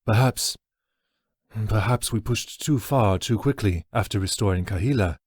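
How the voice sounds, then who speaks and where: Man putting on a slow, sighing old orc. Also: on the low side, darkish tone, slightly rough, no room sound, clean studio sound. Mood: weary, regretful. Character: weary elderly green-skinned male orc host.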